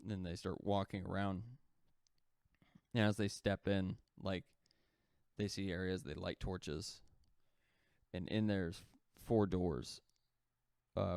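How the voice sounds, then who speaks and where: A man's voice: low-pitched, a little mellow, clean tone, no room sound. A man co-hosting a podcast, telling a story in a casual rambling way, full of "like" fillers and the odd swear word, acting out the quoted lines. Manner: rambling, heavy use of "like" fillers. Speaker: podcast co-host.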